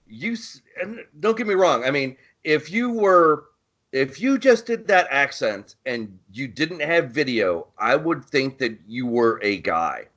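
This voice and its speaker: A man's voice: mid-range voice, big pitch swings, unhurried, a bit bright. A man co-hosting a podcast in casual chat, rambling and profane, often searching for his words. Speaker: podcast co-host.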